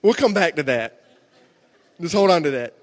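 A middle-aged man delivering a sermon in a large hall, his voice sitting fairly high and swinging widely as he tells stories and acts out voices. A long reverb trails his words through the room. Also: normal speed. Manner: animated storytelling, acting out voices with big pitch jumps. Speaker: preacher. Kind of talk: sermon with jokes. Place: large hall before a congregation.

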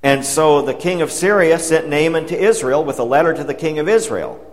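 A man's voice: fairly high pitch, lively intonation, fairly quick. A man preaching a sermon, retelling a Bible story in a conversational way and paraphrasing the dialogue. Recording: long hall reverb.

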